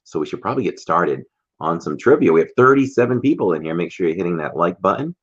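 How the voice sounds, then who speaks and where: A man with a deep, low voice hosts a casual livestream. He reads viewer comments aloud and greets people by name. The stream audio sounds dull and lo-fi. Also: big pitch swings, fast talker, breathy edge. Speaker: livestream host.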